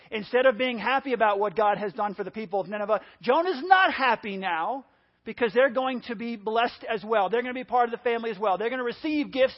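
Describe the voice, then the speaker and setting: A man preaching a lively children's sermon, telling a Bible story and acting out its quotes with animated storytelling. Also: very high voice, highs cut off. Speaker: pastor.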